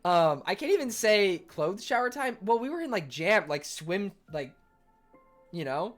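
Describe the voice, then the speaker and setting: A young man chatting casually on his livestream in an animated, rambling way, full of fillers. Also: high voice, measured pace, soft background music. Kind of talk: casual stream chat.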